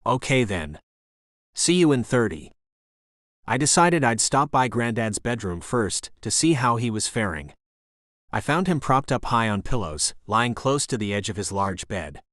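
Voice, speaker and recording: A man narrating a romance audiobook in the first person, with expressive, steady storytelling. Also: medium pitch, no echo, clean studio sound.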